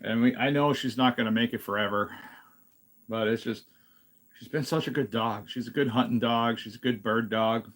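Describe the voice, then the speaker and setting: A man chatting casually on a live stream while fixing a snack in his home kitchen, thinking out loud as he works. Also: mid-range voice, steady tone, moderate pace.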